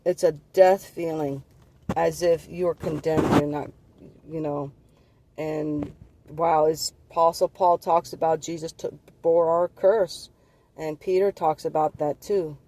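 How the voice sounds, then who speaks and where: Man, earnest spiritual testimony, rambling delivery, voice a little high. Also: fairly even intonation, slow, warm tone, a little hiss or hum. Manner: earnest, rambling, repeats and restarts words. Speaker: vlogger sharing visions.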